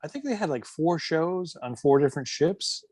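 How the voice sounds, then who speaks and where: A man's voice: on the high side, expressive, normal speed, darkish tone, breathy edge, no room sound. A man co-hosting a comedy podcast from a relative's house, chatting in a jokey way and often restarting his sentences. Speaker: podcast co-host. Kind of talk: casual comedic chat.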